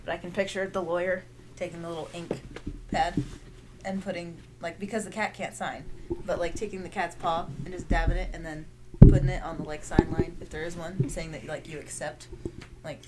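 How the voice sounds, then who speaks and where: Giggly young woman, lowish voice, noisy recording. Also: steady tone, brisk. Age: young adult. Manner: giggly, easily amused. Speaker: podcast co-host. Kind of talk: casual chat.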